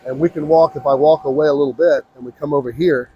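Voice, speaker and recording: Husky-voiced man giving a pushy sales pitch. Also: fast, lo-fi sound. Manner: pushy, energetic salesman, repeats himself. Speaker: inflatable business owner. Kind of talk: trade show sales pitch. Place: trade show booth beside running blowers. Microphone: mic on, recorded on a phone.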